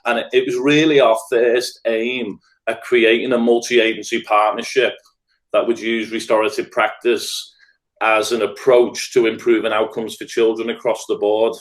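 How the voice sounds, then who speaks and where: This podcast guest, a middle-aged restorative practice trainer from Liverpool, speaks in a Scouse accent at normal speed, his fairly low voice barely moving in pitch. He's earnest and thoughtful, setting out points in lists during a reflective chat.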